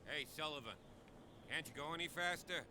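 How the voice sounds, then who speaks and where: An actor playing an impatient, dismissive small-town police officer in a video game. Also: male voice, on the high side, a little fast, pushed and bright.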